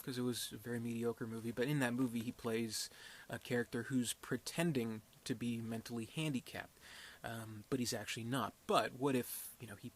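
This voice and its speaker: A young man talks through a movie review off the cuff. He rambles and hesitates, filling gaps with "um" and "you know" and restarting his sentences. His voice sits at an ordinary middle pitch, with a faint hum of room ambience behind him. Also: fairly even intonation, moderate pace. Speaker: film reviewer. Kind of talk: casual unscripted movie review.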